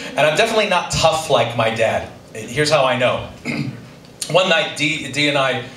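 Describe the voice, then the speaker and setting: A man's voice: medium pitch, expressive, moderate pace, a bit bright. A middle-aged man telling a personal story live on stage to an audience, with dry, self-deprecating humor. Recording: roomy, distant stage recording with audience noise.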